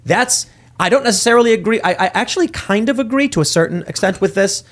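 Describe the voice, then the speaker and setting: This podcast host has a high-pitched, expressive voice and talks quickly. Hosting a political talk show, he argues his point emphatically in casual chat, acting out quotes along the way.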